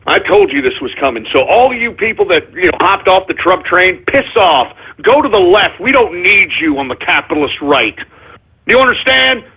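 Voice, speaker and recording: Combative high-voiced man ranting on talk radio. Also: big pitch swings, moderate pace, breathy edge. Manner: ranting, combative, shouting bursts. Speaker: radio talk show host. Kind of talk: political talk radio monologue. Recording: phone-like narrow band.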